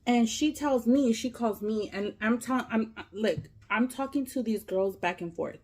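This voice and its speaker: A woman vlogger telling a long story while she eats, casual and animated, full of fillers and swearing. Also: a little high, unhurried. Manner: animated, profane, lots of fillers. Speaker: mukbang vlogger.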